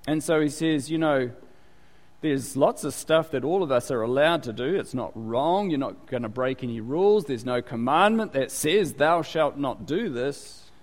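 A man's voice: mid-range voice, normal speed. A man preaching a sermon in a chatty, conversational way, full of asides and rhetorical questions. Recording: long hall reverb.

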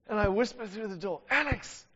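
Laughing high-voiced Kiwi preacher. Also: male voice. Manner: animated, laughing storyteller. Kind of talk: sermon with personal storytelling. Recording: dull sound with long hall reverb.

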